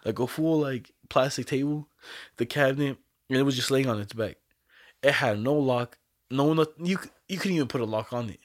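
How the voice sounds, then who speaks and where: A young man in casual chat, telling a story in an animated, profane way and acting out what people said. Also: medium pitch, a little fast, dry recording, clean studio sound. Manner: animated, profane storytelling full of acted quotes.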